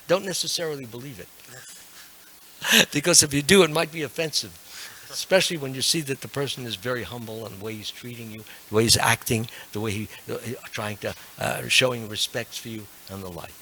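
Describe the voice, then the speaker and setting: A man's voice: mid-range voice, animated, moderate pace, pushed and bright, a little hiss or hum. An older man giving a devotional sermon to a temple class, earnest and emphatic with self-deprecating asides. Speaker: monk lecturing a temple class.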